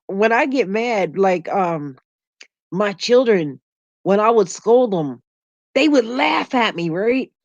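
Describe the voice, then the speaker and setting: A middle-aged woman hosting a casual livestream, chatting with viewers, laughing often and telling animated stories. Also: on the high side, measured pace, dry recording, lo-fi sound. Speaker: YouTube livestream host. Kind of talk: casual livestream chat reading comments.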